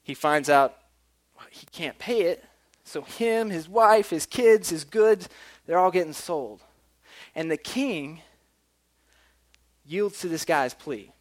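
A man's voice: high-pitched, fairly bright tone. A man preaching a sermon in a casual, chatty way, often restarting his words.

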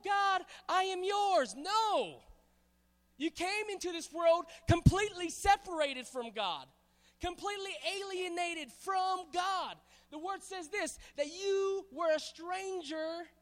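A man from Hawaii preaching a sermon to a congregation, animated and playful, calling on the crowd to answer back. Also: very high-pitched. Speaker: pastor. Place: church hall. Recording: hall reverb.

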